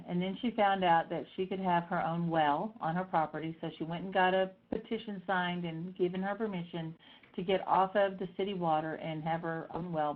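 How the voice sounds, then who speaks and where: A middle-aged woman telling personal stories in a lively way, acting out the voices of the people she quotes. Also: on the low side. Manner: animated, acts out voices in quotes. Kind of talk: personal storytelling talk. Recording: tinny phone-like sound.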